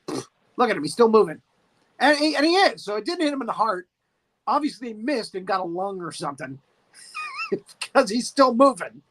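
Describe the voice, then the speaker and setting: A man co-hosting a podcast, recapping a monster movie in a lively way, laughing often and acting out the scenes. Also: sits high. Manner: animated, laughing, acts out scenes. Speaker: podcast co-host.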